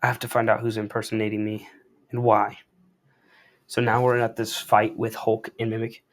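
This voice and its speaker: A man's voice: fairly low pitch, monotone, moderate pace. Slangy young man reading comics. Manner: slangy, laid-back, hedging asides. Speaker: comic reader and commentator. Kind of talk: casual comic read-along commentary.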